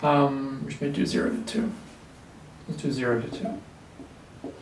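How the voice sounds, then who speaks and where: A man's voice: mid-range voice, little pitch movement, takes it slowly, slight background noise. Echoey man teaching a math lesson. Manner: frequent throat clearing and filler words. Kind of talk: whiteboard calculus lecture. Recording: echoey room, mic at a distance.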